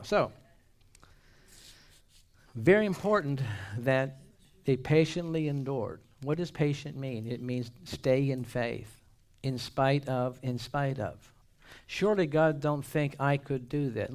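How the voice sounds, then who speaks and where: A man preaching a sermon with humorous asides and call-and-response, trading loud exclamations for hushed whispers. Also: medium pitch.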